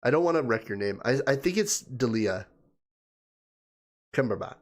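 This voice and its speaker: A man's voice: medium pitch, expressive, normal speed. A man hosting a casual livestream, chatting and laughing as he greets viewers and reads their comments aloud. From Canada. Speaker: livestream host. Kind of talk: casual live chat reading viewer comments.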